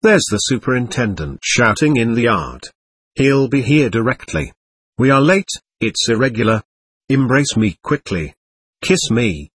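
Picture a desperate, impassioned young prisoner on the eve of his trial, begging his brother for the truth, voiced by a man reading an audiobook. The voice is husky and rises and falls a great deal, and it sounds dry and close. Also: mid-range voice, big pitch swings, unhurried, dry recording. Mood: pleading. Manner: desperate, pleading.

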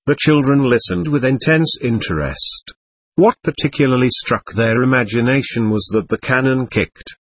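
A man reading a classic novel aloud as an audiobook narrator, in a measured, expressive storytelling manner. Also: mid-range voice, husky, no room sound. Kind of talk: scripted narration.

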